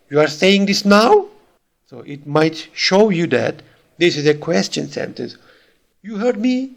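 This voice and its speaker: A man's voice: fairly high pitch, creaky. A man with a Turkish accent giving a recorded lecture, reading out examples and explaining them step by step with small fillers. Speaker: university lecturer.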